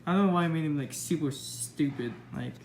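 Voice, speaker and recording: A woman's voice: low voice, brisk, slight background noise. A woman casually rambling over her old story, mocking herself with lots of fillers. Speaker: vlogger.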